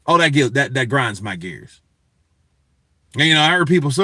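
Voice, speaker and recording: Bright-voiced man ranting on a show. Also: mid-range voice, expressive, quick pace, no echo. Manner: profane, emphatic, talks to chat. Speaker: boxing news show host. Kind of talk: casual commentary rant.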